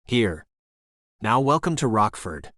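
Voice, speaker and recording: Male narrator doing a bubbly English waitress, gossipy and warm, pitch swinging freely. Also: big pitch swings, slow, no echo, studio quality, full character voice. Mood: friendly. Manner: breezy, chatty, warm. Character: friendly chatty young English waitress.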